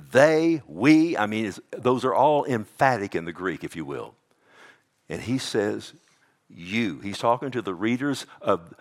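A man preaching a sermon in an animated, swinging delivery. He punches key words loudly, then drops to an intense hush. He keeps checking in with the congregation as he goes. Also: lowish voice. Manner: animated preaching, swinging from loud emphatic bursts to hushed intensity; calls out "Amen?" to the congregation. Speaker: pastor.

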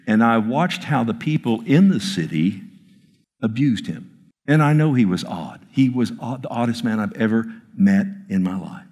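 A male pastor tells a personal story in a sermon, earnest and emphatic, often halting and restarting. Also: medium pitch, lively intonation, darkish tone. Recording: long reverb of a large hall.

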